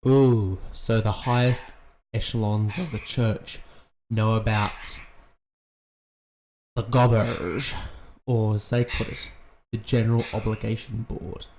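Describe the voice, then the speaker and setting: A man giving casual, excitable reaction commentary on a TV episode, swearing often as he talks. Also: on the low side, slow, pauses often, background noise.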